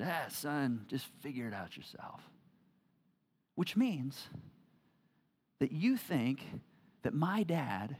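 A man pastor telling a personal story in a sermon, with many stumbling restarts and a low, soft voice for serious points.

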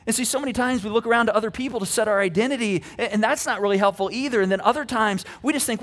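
A man pastor giving a casual, animated sermon, telling a story in a conversational way with many fillers. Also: very high voice, fast talker, hardly any pauses.

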